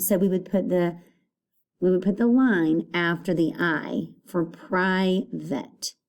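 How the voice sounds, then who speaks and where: A woman teacher leads a children's phonics lesson at an unhurried pace. Her voice is mellow and warm, and she says each word carefully and repeats it so the children can follow. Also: on the low side. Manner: slow, patient, repeats words aloud to children. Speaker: elementary school teacher.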